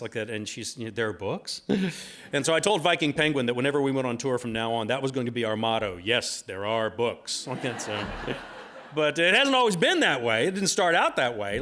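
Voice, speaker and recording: A middle-aged man holds a bookstore audience with a loose, folksy tale. He rambles and backtracks, leaning on fillers as he goes, and his voice sits at an ordinary pitch. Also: fairly bright tone. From United States. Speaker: author giving a talk. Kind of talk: storytelling talk at a bookstore event.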